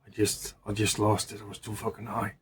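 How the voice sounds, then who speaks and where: A man voicing a stoned young man who talks quietly and sheepishly in an improvised story. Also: lowish voice, monotone, brisk, slight background noise, voice pushed down, natural voice.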